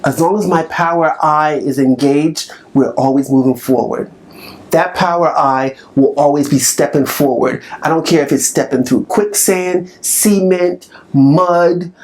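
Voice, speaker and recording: A man's voice: on the high side, a little mellow. A man giving a motivational talk to camera, emphatic and repetitive in a pep-talk manner. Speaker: motivational speaker.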